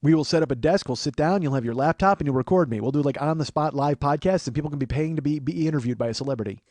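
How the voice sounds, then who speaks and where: Fast-talking excitable comedian man. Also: a little high, dry recording. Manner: riffing, excitable, profane, builds to loud enthusiasm. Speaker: podcast host. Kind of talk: casual comedic banter.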